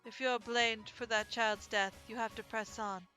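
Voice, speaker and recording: A woman voicing a calm, laid-back young male pigeon student in a dating game, speaking gently. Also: on the high side, unhurried, soft background music. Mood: gentle farewell.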